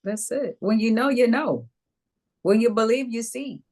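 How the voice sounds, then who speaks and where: A woman co-hosting a casual talk show, lively and emphatic, with playful asides to the audience. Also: on the high side, a little slow.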